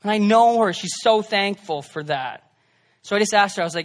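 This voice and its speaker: Young male preacher, high voice, casual sermon delivery with loud peaks and soft asides. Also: lively intonation, normal speed, long pauses. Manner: conversational preaching, swings between loud emphasis and hushed asides. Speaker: pastor.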